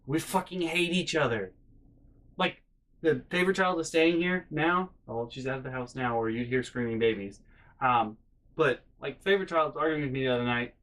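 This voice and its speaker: A young man telling family stories in a casual vlog, animated and profane, with frequent exasperation. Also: mid-range voice, normal speed, poor audio. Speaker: vlogger.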